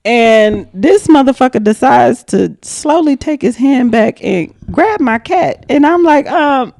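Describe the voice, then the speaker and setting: Animated, profane young woman storyteller. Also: high-pitched, unhurried, few pauses, dry recording, studio quality. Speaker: podcast guest. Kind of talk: casual storytelling.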